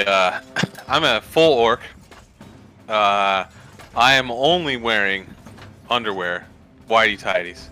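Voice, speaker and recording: A man's voice: medium pitch, sharp tone, smooth. A man playing a tabletop game, describing his character in loose, joking chat. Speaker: player. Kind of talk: casual gaming chat.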